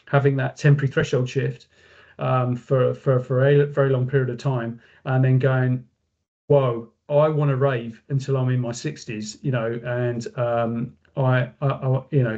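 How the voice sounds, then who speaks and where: A man's voice: mid-range voice, a little mellow, muffled recording. A man, a company director, speaking casually as a webinar guest, rambling with many fillers and restarts.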